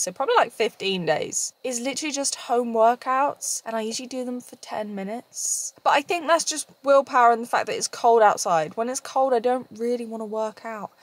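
A young woman talks to her camera in a loose, chatty vlog style, wandering off track and correcting herself mid-thought. Her voice sits fairly high for a woman and carries an easy, conversational rhythm. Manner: chatty, rambling, self-correcting. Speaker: vlogger. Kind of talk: casual vlog chat to camera.

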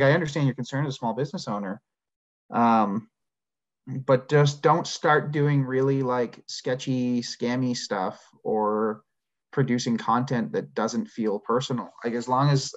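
Man, co-host, relaxed rambling advice, filler words, dull lo-fi call audio. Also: mid-range voice. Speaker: marketing agency co-host. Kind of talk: casual advice on a livestream. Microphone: video call.

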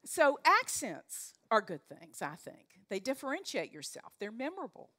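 A woman's voice: a little high, wildly swooping pitch, normal speed, pushed and bright. An older woman from North Carolina with a Southern accent, a leadership coach giving a chatty, direct motivational talk to a live audience. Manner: chatty, direct, folksy with frequent fillers. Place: event room with a live audience.

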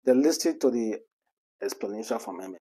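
A man giving animated, scolding celebrity gossip commentary full of rhetorical questions. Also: on the low side, brisk, breathy edge.

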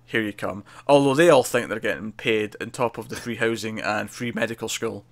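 A man's voice: lowish voice, fairly quick, gravelly. Chatty man co-hosting a TV review. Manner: animated retelling, laughs often. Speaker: TV review podcast co-host. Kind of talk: casual recap and review chat.

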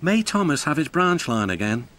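A man's voice: fairly high pitch, very animated, moderate pace, fairly bright tone, slight background noise. A man with a British accent voicing a grand, boastful big male steam engine in a storybook tale. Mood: pleading. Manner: grand, proclaiming.

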